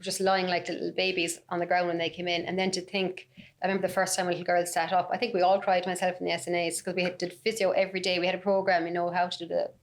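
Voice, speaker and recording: A woman, a special education teacher, chatting warmly and eagerly as a podcast guest. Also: fairly low pitch, little pitch movement, fast talker. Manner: warm, enthusiastic storyteller. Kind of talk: casual podcast chat.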